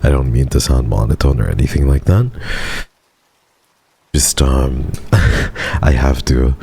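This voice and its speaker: Male streamer with a very deep, dark voice, soft and flat, easing a sore throat. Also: slow, creaky, slightly rough. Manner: soft-spoken and subdued, flat monotone delivery. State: sore throat, speaking gently to spare it. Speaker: VTuber streamer. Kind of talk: casual livestream chat.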